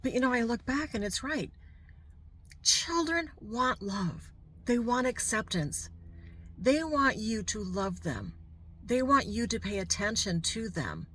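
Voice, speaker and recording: A woman's voice: fairly high pitch, sing-song, a little slow, fairly bright tone. A middle-aged woman vlogger telling a personal story to camera, candid and heartfelt, with asides to the viewer.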